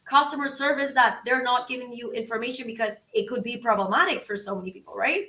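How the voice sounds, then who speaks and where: A woman's voice: fairly high pitch, fast talker, bright, forceful tone. A woman from Venezuela, a podcast guest telling a story animatedly and acting out both sides of conversations. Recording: roomy, from a distance.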